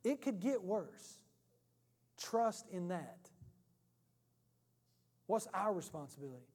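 A male pastor delivers a lively, joking sermon, talking to the congregation like a friend. His voice is high for a man. A long reverb from the church hall trails behind him. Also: takes it slowly. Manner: animated, humorous, conversational preaching.

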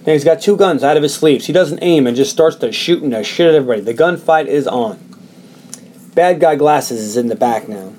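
A man's voice: on the high side, brisk, a little mellow. A man hosting a podcast, casually retelling a film scene by scene with loose, profane storytelling. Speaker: podcast host recapping a film. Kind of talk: casual chat.

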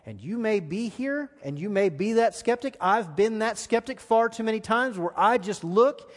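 A male pastor preaching a sermon in a church, emphatic, repeating his phrases and dropping to a hush at times. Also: high voice, lively intonation, normal speed, in a large hall. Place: church sanctuary.

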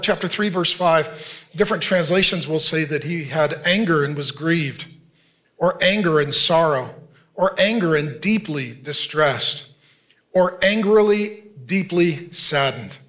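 A man's voice: on the high side, fairly bright tone. A man preaching a sermon in an earnest, conversational way, often putting direct questions to the congregation. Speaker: pastor.

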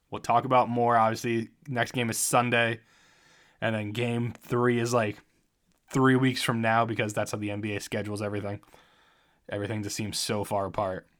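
A man's voice: fairly low pitch, fairly bright tone. A young man hosting a solo sports podcast, talking in a jokey, rambling and self-mocking way. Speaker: podcast host.

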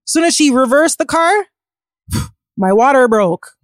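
Young woman musician, kinda high voice, dry close sound, talks fast and animated, cusses a lot. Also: dry recording. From Caribbean family. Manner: animated, swearing, quick storytelling with acted quotes. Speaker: musician guest. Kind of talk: casual interview storytelling.

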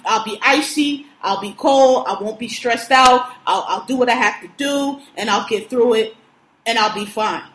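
Woman host, high voice, profane emphatic ranter, recorded in an echoey room. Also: fairly bright tone. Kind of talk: casual chat, venting.

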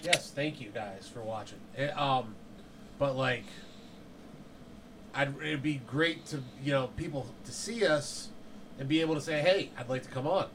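Excitable podcast guy with faint room noise. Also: medium pitch, measured pace, long pauses. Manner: excitable, rambling, trailing off mid-thought. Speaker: podcast co-host. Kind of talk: casual chat.

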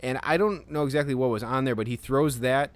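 A man co-hosting a casual podcast, rambling in halting bursts, swearing freely and laughing often. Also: mid-range voice. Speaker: podcast co-host. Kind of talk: casual chat.

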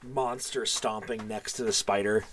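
Acting as game master for a tabletop game, a man narrates in a loose, casual style, with plenty of fillers and an occasional curse. His lowish voice is fairly bright, evenly intoned, and measured, with slight background noise.

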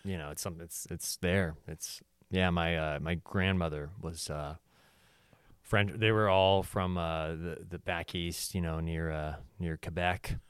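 A man's voice: low-pitched, steady tone, measured pace, clean tone, no room sound, studio quality. A man hosting a casual podcast, rambling with many restarts and laughs. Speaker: podcast host.

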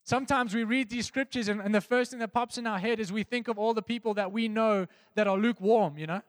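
A man delivers an earnest devotional sermon, his voice sitting fairly high for a man. He slows and drops soft and low on the phrases that matter. The sound is close and dry, with a long reverb trailing behind. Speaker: preacher. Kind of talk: devotional sermon with scripture reading.

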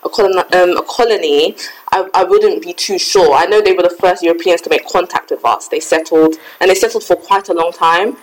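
A young woman with a fairly low voice talks in a relaxed, reflective way. Her speech is loose and conversational, full of "like" and "um" as she works through her thoughts. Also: fairly quick, low-quality recording. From Ghana heritage, raised in England. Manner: reflective, frequent "like" and "um" fillers. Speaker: podcast co-host. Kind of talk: casual chat.

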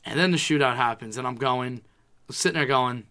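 Young guy in his 20s ranting about a game, swears a lot, bright punchy voice. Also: medium pitch, fairly quick, clean tone. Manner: profane, animated storytelling, quotes himself a lot. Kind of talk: casual sports chat.

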